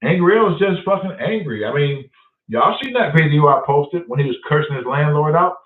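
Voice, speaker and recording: On a casual live stream, a man with a high-ish, expressive voice speaks a little fast. He swears a lot while telling stories and greets viewers by name from the chat. The recording sounds roomy, distant and phone-like.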